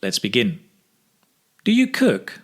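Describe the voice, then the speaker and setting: A man teaching English speaking, modelling phrases slowly with exaggerated intonation for learners to repeat. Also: medium pitch, wildly swooping pitch, slightly rough. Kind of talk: slow, clear pronunciation drill.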